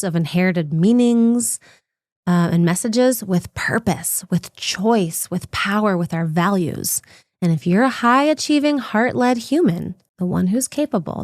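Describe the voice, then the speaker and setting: Female podcast host, mid-pitched, encouraging coaching talk, dry close recording. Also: no room sound. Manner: warm, coaching, speaks directly to listener. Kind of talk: reflective self-help podcast talk.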